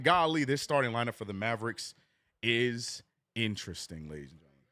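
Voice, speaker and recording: A man streaming a live basketball watch-along, calling plays and reading chat with animated, joking frustration. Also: medium pitch, fairly quick, no room sound. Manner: animated, joking, reads chat messages aloud; frustrated fan venting and cursing.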